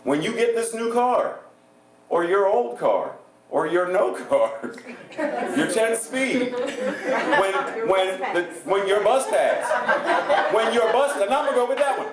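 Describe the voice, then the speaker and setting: A man preaching a sermon as a guest minister, animated and playful, often laughing as he speaks. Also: sits high, takes it slowly, over a noisy crowd. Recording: echoey church hall.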